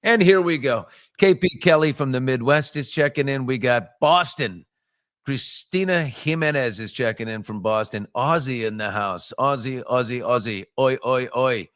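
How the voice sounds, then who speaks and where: A man's voice: normal speed, dry recording. A middle-aged man hosting a casual morning show from a home studio, greeting viewers with bouncy, upbeat chatter. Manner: upbeat, shouting out viewers with jumps in pitch. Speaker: host.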